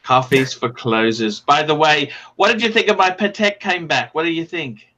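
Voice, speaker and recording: Brash, bright-voiced male stream host. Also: on the high side, lively intonation, normal speed, slight background noise, rough recording. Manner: brash, profane, rattles off donation names. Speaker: livestream host. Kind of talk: casual livestream chat reading donations.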